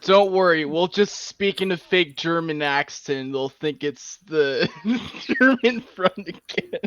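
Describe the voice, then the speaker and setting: A man's voice: a little high, takes it slowly, a bit bright, no room sound, lo-fi sound. A man at a tabletop game, chatting casually and laughing at his own silly ideas. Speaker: player.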